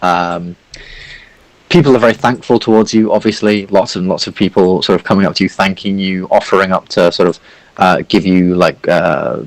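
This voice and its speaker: A man's voice: low-pitched, fairly even intonation, normal speed, no room sound, low-quality recording. A man narrating a tabletop game as game master, rambling with lots of fillers.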